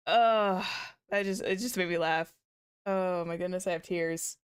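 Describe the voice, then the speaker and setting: A woman hosts a relaxed watchalong stream, talking to her chat in an easy, giggly way. Her voice is smooth and clear, and she takes her time. She often breaks into squealing laughter. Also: on the low side, unhurried. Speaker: VTuber host of an anime watchalong. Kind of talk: casual stream chat reacting to anime.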